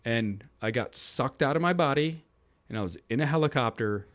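A man's voice: medium pitch, normal speed. Casual rambling man telling a story. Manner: rambling and animated, acts out quotes with a raised goofy voice.

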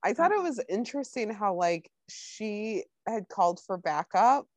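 A young woman in casual chat, adding details to a TV recap and agreeing quickly. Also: medium pitch, very animated, no echo. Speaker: podcast co-host.

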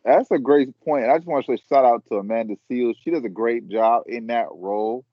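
A man's voice: mid-range voice, fairly quick, no room sound. A man chatting casually on a group podcast in a laid-back, appreciative manner. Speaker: podcast co-host. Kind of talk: casual group chat about a TV episode. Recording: dry dull lo-fi mic.

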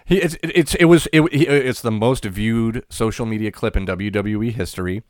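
A man co-hosting a wrestling podcast in excitable, profane casual chat, laughing often. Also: fairly low pitch, normal speed, dry recording, clean studio sound. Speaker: podcast co-host.

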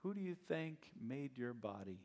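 A male pastor preaching a sermon, retelling the story in an animated, conversational way. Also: medium pitch, normal speed.

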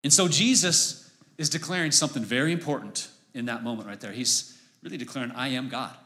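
A man preaching a sermon, conversational and energetic, often asking the audience questions. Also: medium pitch, fairly quick. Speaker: pastor.

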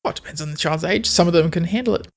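A woman's voice: fairly low pitch, rapid-fire, slight background noise. An Australian woman co-hosting a podcast, chatting in a playful, rambling way. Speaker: podcast co-host. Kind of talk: casual chat.

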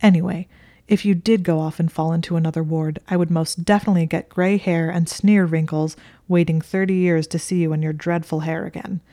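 A woman's voice: on the low side, fairly even intonation, fairly quick, dark tone, no echo, clean studio sound, close to an everyday voice. A woman voicing a smug, needling young wizard man who smirks, rambles and waves things away, in a storybook reading. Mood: rambling.

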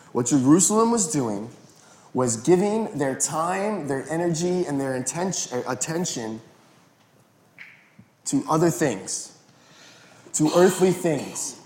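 A male pastor giving a sermon in an animated, conversational way. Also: fairly high pitch, moderate pace, long pauses, slight background noise. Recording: roomy echo.

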